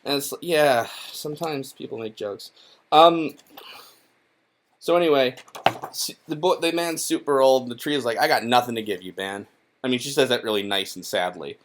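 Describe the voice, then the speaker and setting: Man, young adult, medium pitch, casual vlog commentary, sarcastic, profane, rambling, lots of fillers. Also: expressive, normal speed, a little hiss or hum. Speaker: YouTuber reviewing a children's book.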